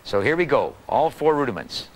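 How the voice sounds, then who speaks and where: A man giving a calm, patient drum lesson for beginners, counting and calling out the strokes. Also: medium pitch, normal speed, very noisy. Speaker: drum teacher. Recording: old video tutorial with loud drums. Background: snare drum playing.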